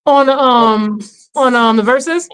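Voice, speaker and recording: A woman co-hosting a livestream, chatting fast in slang with frequent laughs. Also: a little high, fairly bright tone, clear, resonant tone, poor audio. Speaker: co-host of a livestream watch-along. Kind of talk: casual chat reacting to a livestream.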